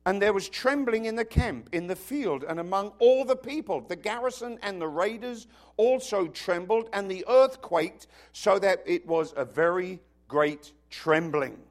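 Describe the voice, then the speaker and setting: A man's voice: high-pitched, lively intonation, unhurried, few pauses. A man from Britain with a British accent preaching a sermon, emphatic and joking, often asking the congregation whether they follow. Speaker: pastor.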